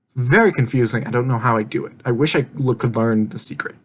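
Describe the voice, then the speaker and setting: This man's voice is mid-range and husky, and he speaks fast while recapping an online game he played. Rambling and frequently laughing, he swears offhandedly and acts out what he said.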